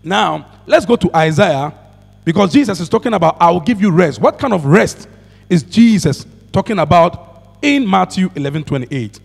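A man's voice: high voice, lively intonation, normal speed, vocal fry, slightly rough, long reverb tail, soft background music. A male pastor preaching a sermon to a congregation, calling for responses and repeating hallelujah. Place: church.

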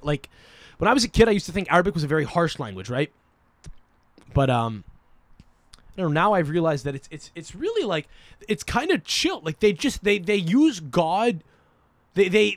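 A man's voice: a little high, creaky, no echo. A young man hosting a podcast in casual chat, swearing and laughing a lot as he rambles with many fillers. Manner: profane, joking, laughs often; scattered, many fillers and restarts. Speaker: podcast host.

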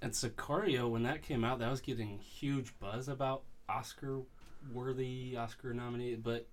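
A man's voice: medium pitch, fairly even intonation, unhurried. A man on a casual movie podcast, speaking in a dry, dismissive way. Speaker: podcast co-host.

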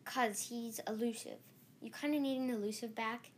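A woman's voice: fairly high pitch, fairly even intonation, normal speed, slight background noise. A woman in a casual sports chat, giving short, tentative answers.

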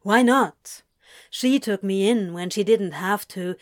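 A woman voicing a blunt, grumbling husband and new father, louder and with a shifted tone. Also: sits high, slow. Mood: gruff.

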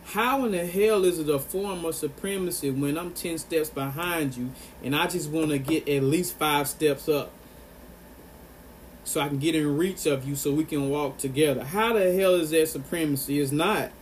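Male vlogger, slightly raised pitch, impassioned and emphatic, repeats lines for weight, faint background hum. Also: normal speed. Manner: earnest and emphatic, repeats phrases for stress. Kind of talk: impassioned monologue to camera.

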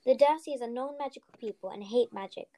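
A woman co-hosting a podcast, reading a children's novel aloud with steady storytelling and a few slips. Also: fairly high pitch, a little fast, rough recording. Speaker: podcast co-host, reader.

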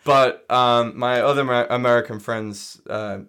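Male film podcast co-host, middle pitch; loose, laughing, profane banter. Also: fairly even intonation, moderate pace, fairly bright tone, clear, resonant tone. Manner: chatty, swears freely, laughs a lot. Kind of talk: casual film discussion chat.

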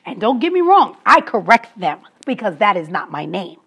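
Woman, husky voice, emphatic personal monologue, storytelling. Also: mid-range voice, sing-song, normal speed, a bit bright. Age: adult, past school age. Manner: emphatic, storytelling, laughs between points.

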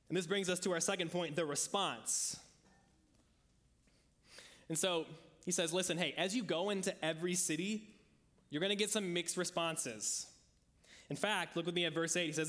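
Male pastor, high voice, chatty sermon storytelling with acted-out quotes, hall reverb. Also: lively intonation, normal speed, pauses often, a bit bright.

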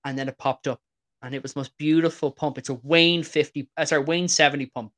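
A man hosting a podcast, telling stories in an excitable, rambling way. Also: on the high side, fast talker. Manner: excitable rambling storyteller, many "like"s. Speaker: podcast host. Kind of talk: casual interview chat.

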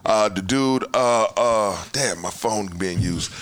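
A man hosting a podcast, talking heatedly in casual chat, swearing freely and swinging between loud outbursts and mutters. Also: lowish voice, slow. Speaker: podcast host.

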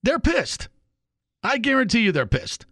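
A man's voice: very high-pitched, wildly swooping pitch, a little slow, fairly bright tone, no echo, clean studio sound. A man hosting a sports talk radio show, delivering an opinionated, emphatic monologue.

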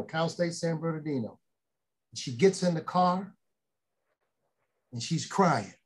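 High-voiced man telling family stories. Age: middle-aged. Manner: folksy storytelling, quoting family members, rising to emphatic preaching. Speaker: speaker. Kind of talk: motivational storytelling talk.

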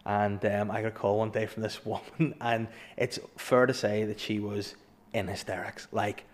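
A man's voice: fairly low pitch, little pitch movement, moderate pace. Northern Irish man telling stories. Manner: storytelling, swears, acts out voices, laughs a lot. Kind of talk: casual comedic chat.

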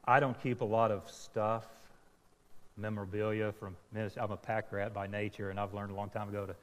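A male preacher tells a personal story, poking fun at himself and acting out each voice in it. His voice sits a bit low, and a long reverb trails every phrase as it fills the sanctuary. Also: flat delivery, fairly quick. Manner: self-deprecating storyteller, acting out dialogue. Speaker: pastor. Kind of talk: sermon storytelling.

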